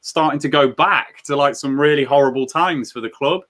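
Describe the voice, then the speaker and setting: A man's voice: medium pitch, moderate pace. A man hosting a live football watchalong, reading out viewer comments and venting about his team's form. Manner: reads out viewer comments, frustrated and animated. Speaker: football fan watchalong host. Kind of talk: casual live watchalong chat.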